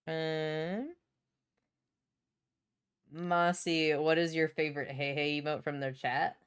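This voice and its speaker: A young woman livestreaming from her home setup, chatting and reacting to chat while she works. She is bubbly and swears freely, and her voice is smooth and clear and sits a little low. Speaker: streamer.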